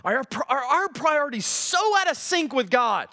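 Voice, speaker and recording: A male pastor preaching a sermon in an animated, joking way, often asking the congregation questions. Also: extremely high pitch, normal speed, vocal fry, hardly any pauses.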